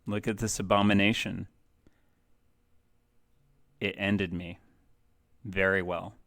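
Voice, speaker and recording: A low-voiced man with vocal fry and a fairly bright tone speaks slowly and flatly. He's a game cafe streamer chatting casually on a livestream, rambling and poking fun at himself with lots of fillers while testing where to place his webcam mic.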